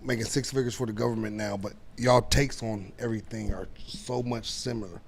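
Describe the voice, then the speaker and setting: A man chatting casually as a guest, relaxed and conversational. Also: lowish voice, brisk, creaky, slightly rough. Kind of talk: casual chat.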